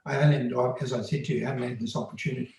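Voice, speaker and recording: A man's voice: medium pitch, steady tone, rapid-fire, darkish tone. A man telling a first-person story in an earnest, plain-spoken, conversational way. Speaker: storyteller recounting undercover work. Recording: very echoey room.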